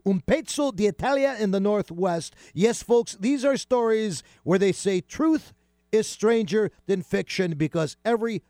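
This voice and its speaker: A man hosting a casual radio talk show, chatty and animated, with many fillers and restarts. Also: high voice, no echo, clean studio sound.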